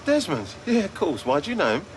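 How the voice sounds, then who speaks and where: An actor playing a cheerful working-class market trader with a Cockney accent, full of cheeky banter. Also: male voice, high voice, wildly swooping pitch, brisk. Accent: Cockney London. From England. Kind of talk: sitcom acting. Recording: noisy TV sitcom audio.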